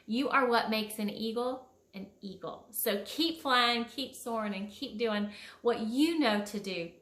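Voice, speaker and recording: A woman, a children's book author, greeting schoolchildren and reading her picture book aloud with expressive, encouraging delivery. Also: on the high side. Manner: warm, encouraging, expressive storytelling. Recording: echoey room.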